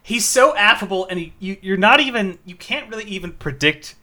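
A man with a bright, sharp, fairly high voice talks casually about a movie he enjoyed. He rambles, breaks into giggles and restarts his sentences as he goes. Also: animated, fairly quick. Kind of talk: casual film discussion.

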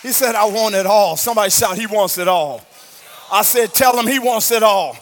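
A man preaching a passionate sermon in a church, drawing out his lines in a sing-song rhythm and building up to shouts. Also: high voice, moderate pace, slight background noise. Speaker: pastor. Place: church sanctuary.

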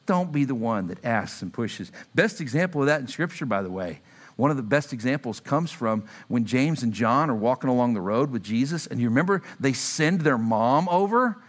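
A man's voice: medium pitch, normal speed. A man in his thirties preaching a sermon, telling stories and acting out quotes as he speaks to his congregation. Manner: animated, acts out quotes, asks the audience. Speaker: pastor. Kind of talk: sermon with storytelling.

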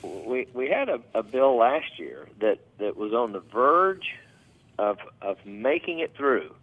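A man's voice: medium pitch, very animated, unhurried. A man calling in as a policy advocate, speaking hesitantly with many fillers and restarts. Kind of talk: phone interview. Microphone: telephone. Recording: tinny phone line.

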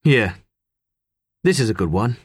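Male reader as a gentle, friendly middle-aged man, slightly husky, dry close sound. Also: on the low side, lively intonation, unhurried, no echo, voice pushed down. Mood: encouraging. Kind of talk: audiobook character reading.

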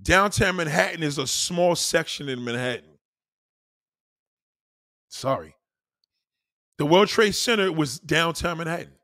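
Brief: young New York man, blunt profane rant, higher voice with a bright edge, dry close sound. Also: lively intonation, measured pace, long pauses, dry recording. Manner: blunt, profane, emphatic with repetition. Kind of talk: casual rant.

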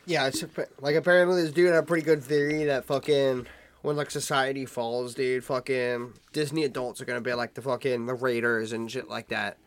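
A man's voice: medium pitch, little pitch movement, fairly quick. A young man co-hosting a podcast in casual chat, rambling and filling his talk with "like" and "dude". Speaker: podcast co-host.

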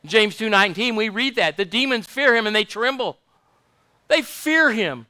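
A man's voice: high voice, animated, normal speed, bright, forceful tone, no room sound. A man preaching a fervent sermon, repeating his points and asking the congregation for amens. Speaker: pastor.

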